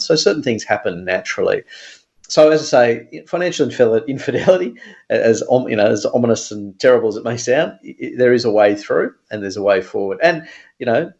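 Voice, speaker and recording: A man with a low, gravelly voice speaks as a radio guest, explaining money matters earnestly. He uses fillers and restarts as he talks. His line sounds dull and muffled. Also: darkish tone. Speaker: financial advisor guest. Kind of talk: radio interview.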